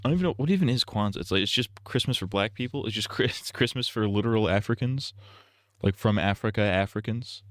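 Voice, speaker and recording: A man's voice: on the low side, quick pace, no echo, studio quality. A young man rambling crude jokes on a casual gaming livestream. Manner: crude, rambling, giggly banter.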